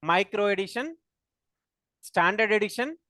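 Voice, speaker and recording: A man's voice: high voice, expressive, measured pace, sharp tone, no echo, studio quality. A man with an Indian English accent teaching a live programming class, quizzing students and repeating key terms. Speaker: programming instructor.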